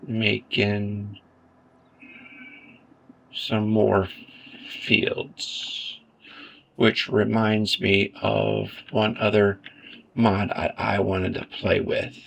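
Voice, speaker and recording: Laid-back male gamer, gravelly and unhurried, self-mocking asides over mouse clicks. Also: fairly low pitch. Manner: relaxed, self-deprecating, thinks aloud. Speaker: gaming video creator. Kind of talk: casual gameplay commentary.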